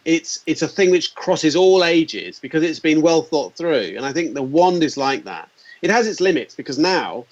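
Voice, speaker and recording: A man in his forties telling animated anecdotes as an interview guest, acting out the quotes. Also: fairly high pitch, moderate pace. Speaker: guest, company founder. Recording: dull lo-fi sound.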